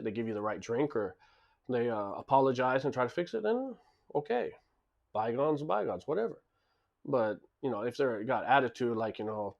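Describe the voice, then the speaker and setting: A gravelly man talks quickly and bluntly about running his club. His delivery is a casual storytelling monologue that is emphatic, and he keeps restarting and repeating words. His voice sits at an ordinary middle pitch. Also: lo-fi sound. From lives in Japan. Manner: blunt, emphatic, repeats himself mid-sentence. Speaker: club and bar owner.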